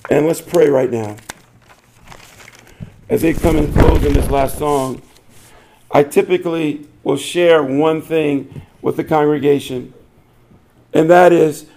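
Older man, pastor, high-pitched, animated storyteller in a sermon. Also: unhurried. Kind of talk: sermon with a told joke.

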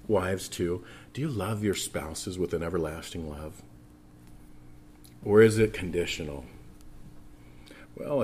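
A middle-aged man preaching a sermon as pastor, earnest and often dropping to a soft, intimate tone. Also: sits low, slight background noise.

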